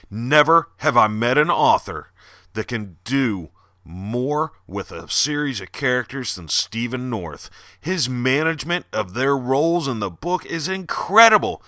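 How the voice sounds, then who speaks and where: A man with a Southern accent who hosts a podcast, reading a dark horror story and then plugging books in loud, animated chat. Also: medium pitch, no echo, studio quality. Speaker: podcast host and horror author.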